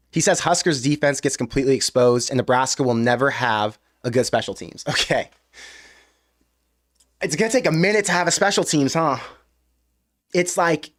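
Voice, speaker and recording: A young man hosting a fan reaction show, venting with emphatic rhetorical questions after a game. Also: on the high side. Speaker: sports fan show host. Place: US Midwest.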